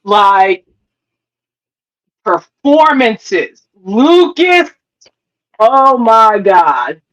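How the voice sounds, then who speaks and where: A woman with a fairly high voice is chatting casually as co-host of a TV review show. She is emphatic and curses freely, acting out her own reactions. She talks at a slow, drawn-out pace. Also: big pitch swings, rough recording. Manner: emphatic, swears a lot, acts out her reactions. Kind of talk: casual chat.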